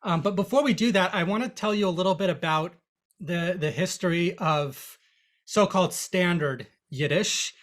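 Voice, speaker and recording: A language teacher giving a lecture in a chatty, animated way, with frequent restarts. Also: medium pitch, normal speed. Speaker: Yiddish teacher. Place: online lecture.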